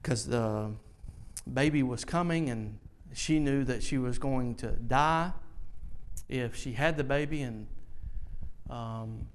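A man preaching a sermon, slow and earnest, rising loud and high at its peaks. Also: smooth. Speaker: pastor.

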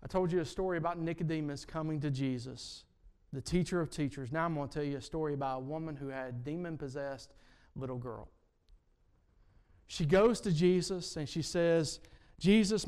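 A man's voice: a little high, normal speed, clear, resonant tone. Man preaching a storytelling sermon. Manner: storytelling, rising and falling loudness, repetitive emphatic phrasing.

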